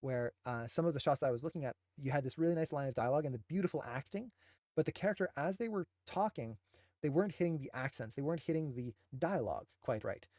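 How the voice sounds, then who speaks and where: A man's voice: a little high, expressive, fast, a little mellow, no room sound, studio quality. A man who teaches animation, enthusiastically breaking down shots with emphatic, admiring commentary.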